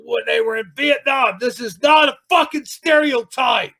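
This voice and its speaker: A man reviewing another YouTube channel in an angry, sarcastic rant, swearing and shouting often. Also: very high-pitched, moderate pace. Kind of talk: ranting video commentary.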